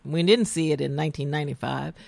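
A middle-aged woman from the American South, with a Southern US accent, hosts a relaxed radio talk show and tells stories that drift emotionally from one thing to the next. She talks quickly in a low, gravelly, slightly mellow voice, and the recording is dry.

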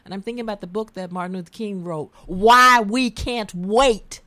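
A woman's voice: medium pitch, moderate pace, bright, forceful tone, no room sound. A middle-aged woman with a Southern US accent, hosting a casual radio talk show and telling stories in a tangential, emotional way. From American South.

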